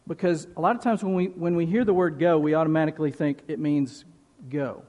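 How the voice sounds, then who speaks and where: A man preaching a sermon as pastor, slow and emphatic, leaning on repeated phrases. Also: a little high, warm tone, muffled recording. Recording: long reverb of a large hall.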